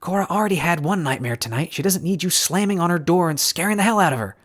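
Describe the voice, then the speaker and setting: A man voicing an anxious, caring young woman who pleads and scolds in hushed bursts. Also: sits high, expressive, fast talker, pitched above the performer's own voice. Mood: worried. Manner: pleading, exasperated whispers and shouts.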